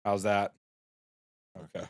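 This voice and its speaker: A man's voice: on the low side, level tone, takes it slowly, clear, resonant tone. A man co-hosting a casual podcast, playful and laughing often as he asks his co-host questions. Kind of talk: casual chat.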